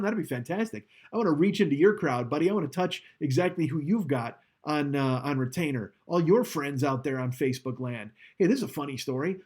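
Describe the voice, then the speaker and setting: A man's voice: on the high side, animated, a little fast, hardly any pauses, a little mellow, breathy edge. Rambling, profane man streaming live. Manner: rambling, profane, self-mocking. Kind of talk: casual live-stream chat. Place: home streaming setup, indoors. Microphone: studio microphone, leaning back from it.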